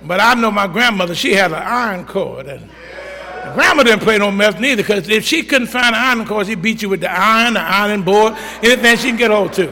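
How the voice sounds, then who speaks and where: A man's voice: high voice, expressive, a little fast, sharp tone, long reverb tail. A middle-aged man preaching a sermon, telling folksy stories and calling for amens from the congregation. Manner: storytelling, folksy, call-and-response. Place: church.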